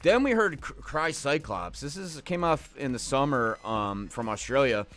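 A man's voice: medium pitch, animated, moderate pace, a bit bright. A man hosting a radio show, talking casually and loosely about the records he just played, drifting into jokey asides. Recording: faint music behind the voice.

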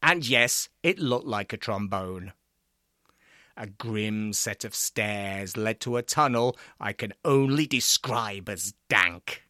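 A man narrating a comic serial story in a deadpan, drily funny manner. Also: fairly low pitch, takes it slowly.

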